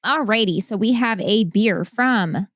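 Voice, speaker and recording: A woman's voice: mid-range voice, a little slow. Upbeat woman podcast co-host. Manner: upbeat, reads out promos and labels. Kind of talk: casual chat.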